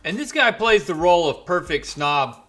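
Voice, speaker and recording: Bright-voiced man chatting a comic recap. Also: high-pitched, lively intonation, moderate pace. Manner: chatty, loose retelling with fillers and asides. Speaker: comic book reviewer. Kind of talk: casual spoken recap.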